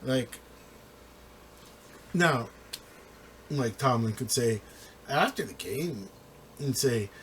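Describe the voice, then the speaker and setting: A man breaks down a football game in loose, rambling talk, his pitch leaping high and dropping low as he goes. He restarts his sentences constantly and laughs along the way. A faint hum of room ambience sits behind him. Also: lively intonation, extremely slow, pauses often. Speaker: football commentator. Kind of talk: casual sports commentary.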